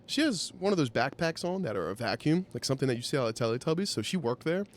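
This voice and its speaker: A man hosting a podcast, telling a wry anecdote in an animated, profane way. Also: medium pitch, fast talker. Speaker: podcast host. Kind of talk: storytelling anecdote.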